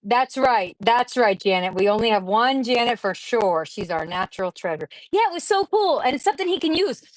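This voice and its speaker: A woman's voice: fairly high pitch, sing-song, a little fast, poor audio. A woman hosting a craft livestream, chatting casually with viewers and gushing over the crafts she opens, in a rambling way. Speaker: craft channel host.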